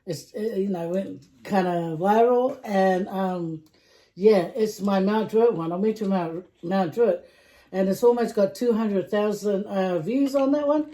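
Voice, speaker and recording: Brief: woman vlog host, casual mealtime chat, mellow tone, giggly asides. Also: mid-range voice, unhurried, low-quality recording. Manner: chatty and giggly, trails off into soft asides. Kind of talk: casual chat while eating.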